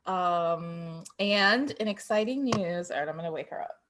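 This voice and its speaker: A woman therapist giving a relaxed, chatty introduction on a video call, with many pauses and ums. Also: lowish voice, background noise.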